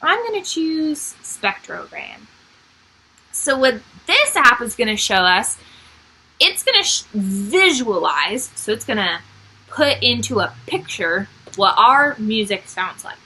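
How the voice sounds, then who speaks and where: A woman's voice: fairly high pitch, sing-song, slow pace, pushed and bright, breathy edge, rough recording. A woman music teacher giving a recorded online lesson to young children, upbeat and explaining step by step.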